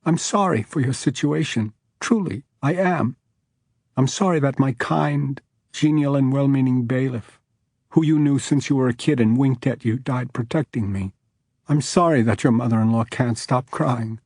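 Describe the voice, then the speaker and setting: A man's voice: mid-range voice, normal speed, a little mellow, no echo, studio quality, close to an everyday voice. A man voicing a shaken young woman judge, her voice cracking as she pleads through tears. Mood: tearful.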